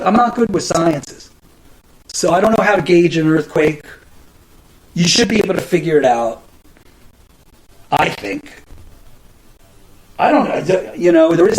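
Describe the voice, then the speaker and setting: A man's voice: fairly high pitch, slight background noise, rough recording. A middle-aged man hosting a podcast, telling rambling stories in casual chat, cursing often and restarting his sentences. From New Jersey. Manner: rambling, profane, many restarts and fillers. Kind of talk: casual storytelling monologue.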